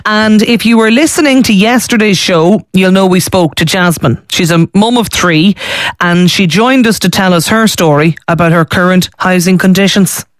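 A man presents live radio from the studio mic in a brisk, chatty manner. His voice sits high for a man. The sound is close and dry. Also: no echo. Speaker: radio show host. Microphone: studio microphone.

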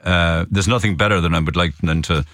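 A low-pitched man hosts a call-in radio show. He is sympathetic and halting and keeps restarting his sentences. His voice is recorded close and dry, with no room sound. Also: fairly even intonation, fairly bright tone, no echo. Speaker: radio talk show host. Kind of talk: phone-in radio chat.

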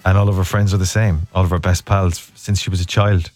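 Irish guy hosting radio, lowish voice, chatty and laughing, faint music under him. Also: fast. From Ireland. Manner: animated storyteller, laughs often. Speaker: radio host. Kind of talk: casual radio chat.

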